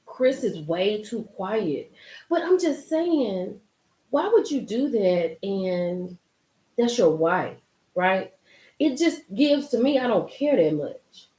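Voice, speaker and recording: A young woman hosting a live recap chat, animated and excitable, talking straight to her viewers by name. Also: mid-range voice, slow, roomy sound. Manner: animated, gets hyped and loud, talks to chat by name. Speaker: livestream host recapping a reality show.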